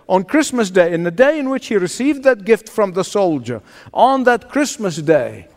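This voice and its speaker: Slow, animated preacher man. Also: high-pitched, in a large hall. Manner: dramatic, deliberate. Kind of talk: sermon storytelling.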